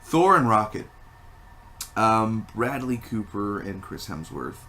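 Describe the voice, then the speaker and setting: A man giving a casual spoken movie review, rambling and animated, with many fillers and restarts. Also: lowish voice, slow.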